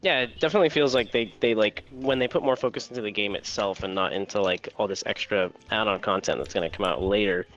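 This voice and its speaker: A man's voice: fairly low pitch, quick pace, few pauses, a bit bright. Man, casual chat, filler words, sarcastic, muffled lo-fi audio, faint music. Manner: hesitant, filler-heavy, sarcastic. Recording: dull lo-fi sound.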